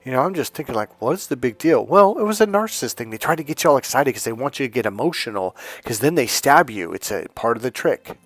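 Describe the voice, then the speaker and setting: Outspoken man telling animated stories. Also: mid-range voice, fast talker, few pauses, dry recording. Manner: animated storyteller, acts out dialogue, outspoken. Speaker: dating and relationship coach. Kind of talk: casual spiritual monologue to his channel.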